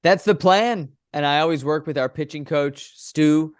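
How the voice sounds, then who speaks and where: A young man, a baseball broadcaster, telling stories in a casual podcast interview and breaking into big, animated play calls. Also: normal speed, clear, resonant tone, dry recording, clean studio sound. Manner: animated, acts out his home run calls with big pitch jumps.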